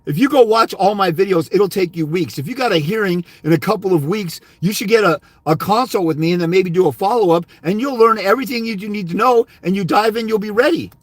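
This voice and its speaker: A man's voice: high voice, quick pace, hardly any pauses, no echo. A man consultant giving a blunt, profane, berating livestream rant. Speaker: fathers' rights consultant. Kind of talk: ranting livestream monologue.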